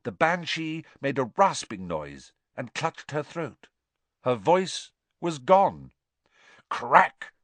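A man narrating a story in a dramatic, expressive reading style. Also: a little high, slow pace, dry recording. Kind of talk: audiobook narration.

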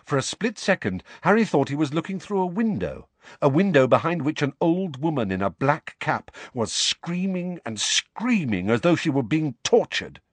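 A man narrating an audiobook with a dramatic, expressive reading. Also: medium pitch, breathy edge, no room sound.

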